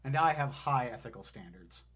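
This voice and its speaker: A man's voice: mid-range voice, expressive, moderate pace, a bit bright, slightly rough. A man hosting a casual live show, chatting and reading viewer messages aloud. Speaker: show host. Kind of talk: casual live-stream chat.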